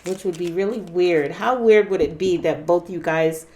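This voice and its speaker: A woman's voice: on the low side, normal speed, darkish tone, a little hiss or hum. A woman giving a casual tarot reading to viewers, talking directly to them and often exclaiming "wow" and "interesting". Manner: addresses viewers directly with fillers. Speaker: tarot reader.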